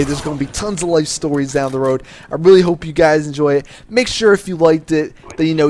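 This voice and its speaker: Swaggering young man telling a story. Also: a little high. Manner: swaggering, profane, with filler words and restarts. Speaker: vlogger telling a life story. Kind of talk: casual storytelling to camera.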